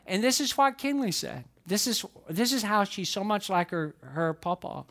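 An older male pastor with a notably high voice. He preaches a story-filled sermon and keeps checking in with his listeners through direct questions. He often repeats his key lines for emphasis. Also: expressive, normal speed, fairly bright tone. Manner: repetitive, questions the congregation, storytelling.

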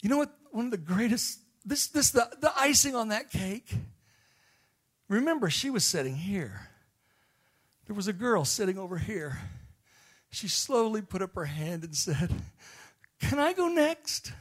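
A man from Illinois preaching a sermon, telling a story that swings from hushed, quiet passages to loud shouting. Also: high-pitched, big pitch swings, a little slow, pauses often. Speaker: missionary preacher.

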